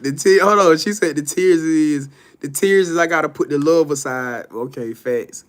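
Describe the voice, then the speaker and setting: A man hosting a casual live stream, reading viewer comments aloud and answering them in a loose, profane, animated way with frequent laughter. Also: on the high side, normal speed.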